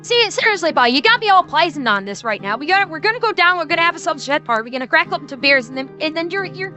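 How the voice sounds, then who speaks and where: A woman putting on a rowdy, blustering Newfoundland local with a thick Newfoundland accent, scolding loudly. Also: high voice, big pitch swings, very fast, soft background music, pitched above the performer's own voice, exaggerated voice. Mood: exasperated. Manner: loud, exasperated scolding with "boy" and "my son".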